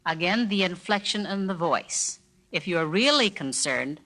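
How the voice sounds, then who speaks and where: Lady teaching greetings real slow, voice swoops up and down a lot. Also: on the low side, lively intonation, fairly bright tone. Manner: slow, carefully inflected, demonstrates phrases with exaggerated intonation. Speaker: language teacher narrating a lesson record. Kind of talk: scripted spoken-word lesson.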